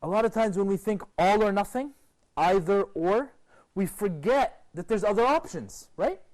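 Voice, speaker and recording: A man presenting a TV program, giving an expressive motivational lecture to a group and asking rhetorical questions. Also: moderate pace. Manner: expressive, rhetorical questions, sweeping pitch swings.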